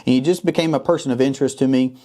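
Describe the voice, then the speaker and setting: Male host, mellow low-bright tone, rambling casual chatter. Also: very fast. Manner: chatty and rambling, with many restarts. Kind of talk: casual interview hosting.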